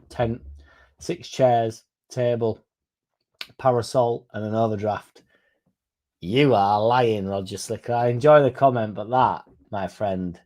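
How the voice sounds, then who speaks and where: Sweary lad, mellow voice. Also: male voice, mid-range voice. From England. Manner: chatty, sweary, reads comments aloud. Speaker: fan channel host reading live chat. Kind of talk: casual live-stream chat.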